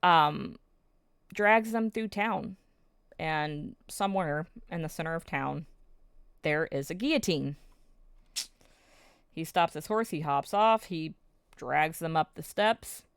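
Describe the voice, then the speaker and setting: A woman's voice: low-pitched, animated, takes it slowly, vocal fry, long pauses, clean tone, no echo, studio quality. A woman recapping episodes of a drama in a casual, emotional, storytelling way, with plenty of fillers.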